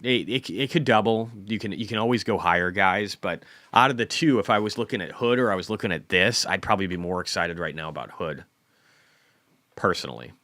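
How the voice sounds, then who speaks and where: A man's voice: sits low, a little fast, pushed and bright, no room sound. A man in his forties hosting a casual stock market livestream, rambling and self-deprecating, often repeating words. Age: 40s.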